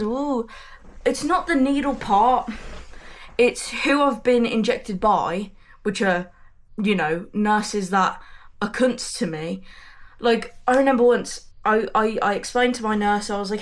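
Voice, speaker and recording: Woman, casual vlog chat, middle pitch, blunt, rambling, swears a lot, indoors at home. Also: steady tone, normal speed. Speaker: vlogger. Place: messy bedroom indoors.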